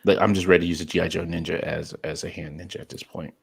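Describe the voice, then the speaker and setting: A man's voice: deep voice, flat delivery, fast talker, creaky, breathy edge. A man co-hosting a podcast in casual chat, rambling, apologizing and swearing freely. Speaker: podcast co-host.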